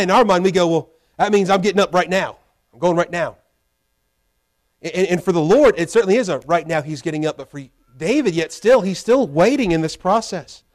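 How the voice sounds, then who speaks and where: A man preaching a sermon from the pulpit, talking conversationally with restarts and voicing quoted prayers in a pleading tone. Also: high-pitched. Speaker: pastor.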